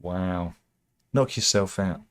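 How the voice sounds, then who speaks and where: A man's voice: deep voice, slow pace. A man from the UK, hosting a casual news chat, reading out headlines with wry, sarcastic asides and frequent restarts.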